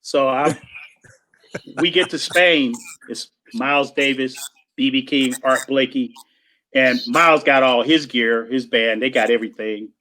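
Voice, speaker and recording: A man telling lively stories in casual chat, imitating drum sounds and voices and laughing often. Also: medium pitch, measured pace. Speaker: guest drummer telling stories.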